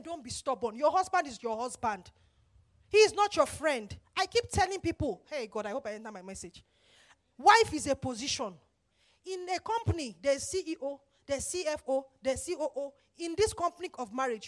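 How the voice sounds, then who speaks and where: A middle-aged woman pastor, preaching an emphatic sermon and acting out the voices she quotes. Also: sits high. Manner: emphatic, acts out quoted voices, repeats phrases.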